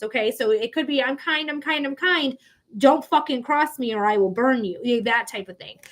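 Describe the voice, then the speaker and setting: Chatty high-voiced woman reading tarot. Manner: chatty, emphatic, swears casually. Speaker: psychic reader, livestream host. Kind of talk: live tarot reading, casual chat.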